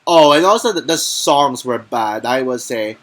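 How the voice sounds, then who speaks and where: A man's voice: medium pitch, lively intonation, moderate pace, fairly bright tone. A man giving a casual spoken film review, rambling with many restarts and fillers, and turning heated and ranting at times. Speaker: movie reviewer.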